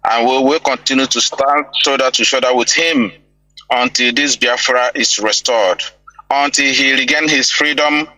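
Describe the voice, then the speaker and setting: A man's voice: mid-range voice, pushed and bright, no room sound, rough recording. A man, a guest on a radio program, speaking in a courteous, formal, speechlike way. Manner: courteous, speechlike, long thanks.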